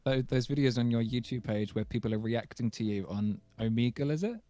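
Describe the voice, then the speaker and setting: A man's voice: mid-range voice, fairly quick, warm tone, no echo. A young man with a southeast English accent hosting a livestream chat, asking questions eagerly and often restarting his sentences. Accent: English, southeast England. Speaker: stream host.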